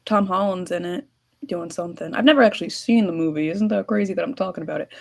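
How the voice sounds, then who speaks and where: A woman's voice: on the low side, fast, vocal fry. A woman co-hosting a podcast, chatting in a bubbly, teasing way. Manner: bubbly, teasing, laughs often. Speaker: podcast co-host. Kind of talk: casual chat.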